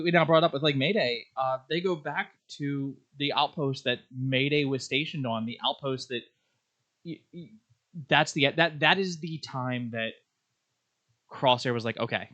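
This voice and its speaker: Bright-voiced rambling podcast co-host man. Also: a little high, unhurried. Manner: rambling, lively, many likes and restarts. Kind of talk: casual chat.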